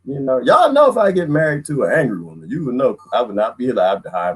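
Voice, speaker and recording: A man's voice: mid-range voice, sing-song, quick pace, few pauses, husky. A man hosting a casual livestream, ranting comically to viewers, laughing often and repeating himself. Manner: laughs often, slips into mocking voices. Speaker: livestream host. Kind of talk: casual comedic rant to viewers.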